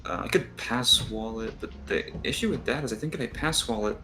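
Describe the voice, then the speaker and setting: A man playing a tabletop game, joking around and planning out loud in casual chat. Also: mid-range voice, brisk, creaky, faint music behind. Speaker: player.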